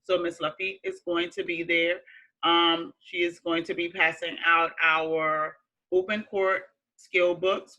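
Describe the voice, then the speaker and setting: Slow-talking bright-voiced teacher woman. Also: on the low side, low-quality recording. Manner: slow and chatty with fillers. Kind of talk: casual remote class announcements.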